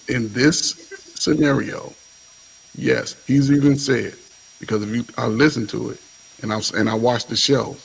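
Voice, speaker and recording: Gravelly man insisting in a debate. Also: mid-range voice, slight background noise, poor audio. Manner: insistent, repeats himself, keeps saying listen. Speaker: podcast panelist. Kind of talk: casual debate.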